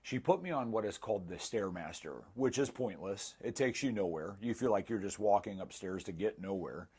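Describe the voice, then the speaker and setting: Man in his thirties, low husky voice, candid testimonial with self-deprecating humor. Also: animated, moderate pace, a little mellow. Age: 30s. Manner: candid, self-mocking, acts out quoted dialogue. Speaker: former client giving a testimonial. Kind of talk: casual storytelling testimonial.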